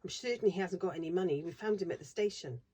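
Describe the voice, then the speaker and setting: A woman's voice: lowish voice, fast talker, mellow, husky, low-quality recording. A woman reading aloud, voicing an earnest, kind-hearted young girl in a storybook. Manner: earnest, pleading.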